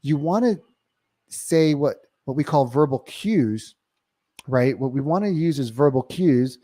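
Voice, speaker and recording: Here a man coaches on real estate sales in an emphatic monologue, regularly tossing in "right?" to check on the listener. He speaks at a measured pace in a warm, mid-range voice with lively intonation, recorded with no room sound.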